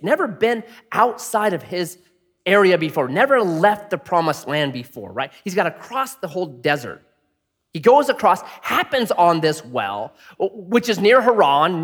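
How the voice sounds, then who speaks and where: A middle-aged man preaching a sermon in an animated, jokey way, often acting out voices. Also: sits high. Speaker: pastor. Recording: long hall reverb.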